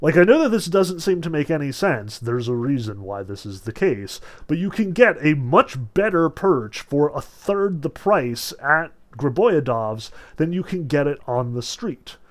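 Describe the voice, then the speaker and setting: A man's voice: a little high, very animated, a little slow, hardly any pauses. A man giving a casual literature lecture in a loose, chatty way, full of "like" and "um". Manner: loose, filler-heavy, lots of "like" and "um".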